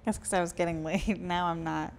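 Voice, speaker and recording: A woman's voice: lowish voice, steady tone, fairly quick, creaky, over a noisy crowd. Woman comedian, casual podcast banter, teasing, mock-outraged outbursts.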